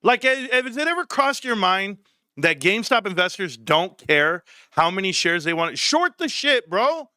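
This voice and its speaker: Guy streaming live, swearing and joking with chat, high bouncy voice, bright. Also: normal speed, clean tone, no echo, clean studio sound. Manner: animated, profane banter with chat. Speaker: livestream host. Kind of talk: casual livestream chat.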